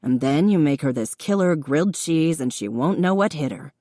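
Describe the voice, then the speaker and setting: A woman's voice: low voice, expressive, normal speed, no echo, studio quality. A woman narrator voicing a patient, encouraging young man who teaches cooking to a friend in an audiobook. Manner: patient, encouraging, gently instructive.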